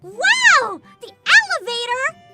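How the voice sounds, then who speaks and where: A woman voicing a group of excited little children who shout and play. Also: extremely slow, distant mic, music in the background, heavily acted. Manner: shrill, loud and playful.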